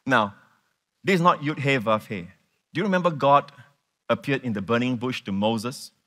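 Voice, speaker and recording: Male pastor, bright clear voice, lively emphatic sermon delivery, mid pitch. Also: normal speed. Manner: animated, emphatic preaching with repeated words and questions to the congregation.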